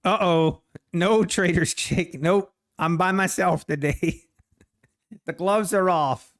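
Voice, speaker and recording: A man's voice: high-pitched, slow pace. A man streaming his trading live, talking to the chart and chatting with viewers between laughs.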